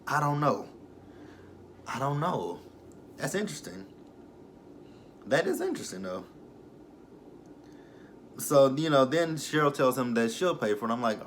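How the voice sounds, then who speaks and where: A young man casually recapping a reality show, laughing and swearing freely and mocking the cast in quick asides. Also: on the low side, slight background noise. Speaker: YouTube reality-show reviewer.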